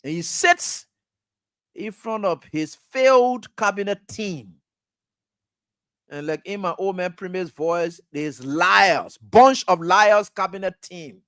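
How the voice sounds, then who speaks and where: A man's voice: a little high, unhurried, no room sound, clean studio sound. A man with a Liberian English accent hosting a political talk radio show, scolding and firing rhetorical questions straight at the president. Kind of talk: fiery political commentary.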